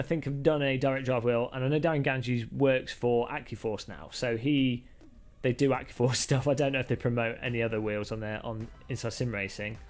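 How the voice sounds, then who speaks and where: A man hosting a live stream, chatting casually in a jokey, rambling, self-deprecating way. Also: medium pitch. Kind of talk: casual live-stream chat while sim racing.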